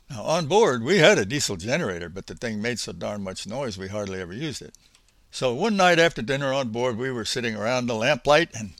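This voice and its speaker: An older man narrating his memories in an unhurried, folksy, reflective way. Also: medium pitch, fairly bright tone, dry recording. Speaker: storyteller. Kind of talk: spoken memoir narration.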